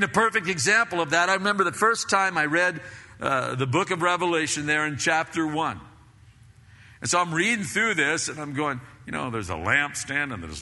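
A middle-aged male pastor preaching a sermon in a casual, animated way, repeating himself and often calling listeners "man". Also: on the high side, long reverb tail.

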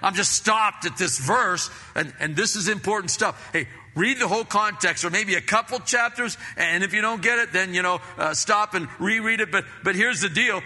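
A middle-aged male pastor preaching a sermon in a casual, animated way, repeating himself and often calling listeners "man". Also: high voice, moderate pace, few pauses, long reverb tail.

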